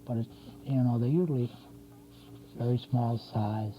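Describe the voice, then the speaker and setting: A man's voice: mid-range voice, moderate pace. An older man demonstrating cartoon drawing, talking casually and correcting himself as he works. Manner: rambling, talks while drawing, self-correcting. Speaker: drawing instructor. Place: local TV studio. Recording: dull lo-fi 1990s community TV audio with faint hum.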